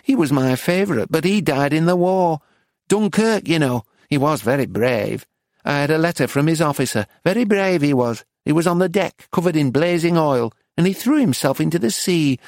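A man voicing a chatty little old Englishwoman with a Northern English accent in an audiobook reading, matter-of-fact and bright. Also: a little high, expressive, normal speed, vocal fry, dry recording, studio quality, voice pushed up. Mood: proud. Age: older.

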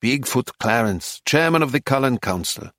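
A man voicing a calm, practical male settlement manager in an audiobook, measured and dry. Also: mid-range voice, no room sound, close to an everyday voice. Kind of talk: audiobook character voice.

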